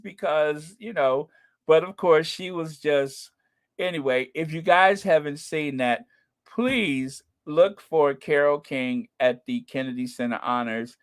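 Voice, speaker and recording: Excitable guy on a live stream, higher voice, slow easy delivery, keeps clearing his throat. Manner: gushing and excitable, talks to viewers as you guys. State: runny nose, clearing throat. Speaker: channel host. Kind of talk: casual live-stream chat reading viewer comments.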